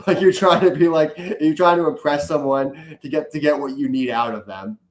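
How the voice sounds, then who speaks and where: A young man from the US East Coast, a podcast guest telling stories in an animated, joking way. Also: on the high side, normal speed, roomy sound, poor audio. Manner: animated storyteller, jokey, acts out quotes. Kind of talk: casual chat.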